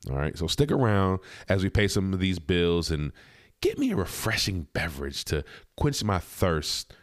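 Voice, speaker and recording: Man, podcast host, low voice, lively pitch swings, blunt, profane, indignant commentary, dry close mic. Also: normal speed, no room sound. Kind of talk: commentary on a video clip.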